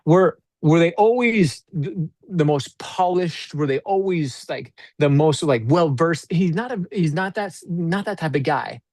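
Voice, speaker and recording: A man sits in as a guest and tells a coaching story with a lot of energy. His voice sits a bit high for a man. It is recorded close and dry, with no room sound. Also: a little slow, few pauses, dry recording. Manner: animated, acts out quoted dialogue. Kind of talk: casual storytelling interview.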